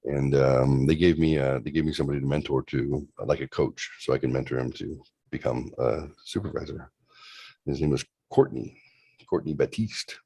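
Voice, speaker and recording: A man's voice: very deep voice, normal speed, gravelly, warm tone, breathy edge, no room sound. A man in his forties casually telling a long story on a livestream, loose and profane, with lots of rambling asides. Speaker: show host.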